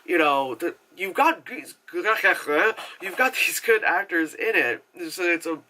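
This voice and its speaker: A man's voice: high-pitched, animated, takes it slowly, sharp tone. A man reviewing a movie in a casual, rambling rant, swearing freely and using lots of filler words. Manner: rambling, profane and chatty, full of filler words; acts out characters' lines in exaggerated voices.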